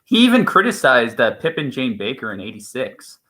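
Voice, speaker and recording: A man's voice: mid-range voice, sing-song, fairly quick, sharp tone. A man co-hosting a stream in casual chat, rambling and opinionated, with many restarts. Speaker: stream co-host.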